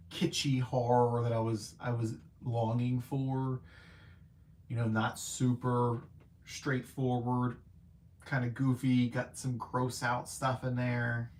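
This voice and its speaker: A man hosting a casual live-stream movie review, chatty and animated, with lots of filler words and playful self-mocking asides. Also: medium pitch.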